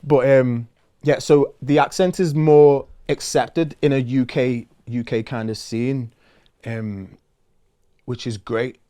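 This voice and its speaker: A man, chatting casually as a musician guest in an interview, relaxed and loose with lots of fillers. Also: medium pitch, takes it slowly.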